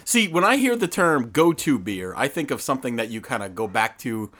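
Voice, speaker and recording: A middle-aged man co-hosting a podcast, chatting casually and jumping into high, excited tones. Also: a little fast. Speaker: podcast co-host. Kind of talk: casual chat.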